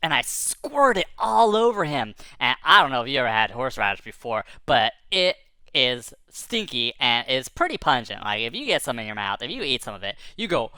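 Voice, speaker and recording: A woman telling a kids' tall tale in the first person, lively and rambling, with playful sound effects. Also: a bass voice, normal speed, dry recording. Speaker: storyteller.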